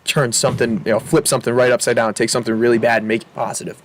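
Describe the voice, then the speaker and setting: A young man in his twenties talks as a podcast guest, telling a personal story in a loose, rambling way. He's candid and chatty, stacking fillers and laughing often, at a middling pitch. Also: level tone, racing. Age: 20s. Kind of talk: casual storytelling.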